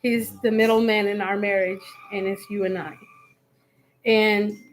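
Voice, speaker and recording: A woman telling a story from her marriage in a live Q&A, animated and acting out both sides of a quarrel with laughs. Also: mid-range voice, measured pace, a little hiss or hum, poor audio.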